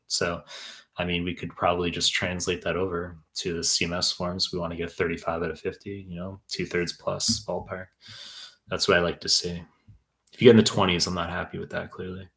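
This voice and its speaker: A young man answers viewers' questions on a live stream, tutoring for medical exams in a blunt, profane, rambling way. His voice sits very low and stays flat, with a bright, sharp edge. He talks like a casual teacher who goes off on tangents. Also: brisk, vocal fry. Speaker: exam tutor.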